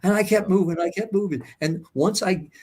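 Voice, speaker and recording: Husky older man telling a wild story. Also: sits high, brisk, a little mellow. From United States. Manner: vivid, profane, acts out voices. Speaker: guest. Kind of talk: storytelling interview.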